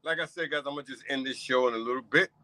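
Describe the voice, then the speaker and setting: A man's voice: medium pitch, very fast, bright, forceful tone, dry recording, rough recording. A man hosting his own talk show, repeating himself as he thanks his audience with feeling. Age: 50s. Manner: emotional, repeats phrases, heartfelt thanks. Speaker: podcast host. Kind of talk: casual solo talk show.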